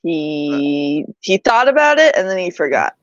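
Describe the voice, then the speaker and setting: A woman's voice: low voice, big pitch swings, a little slow, no echo, dull audio. A woman playing a tabletop game, musing and thinking aloud about her rolls. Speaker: tabletop player. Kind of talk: casual tabletop chat.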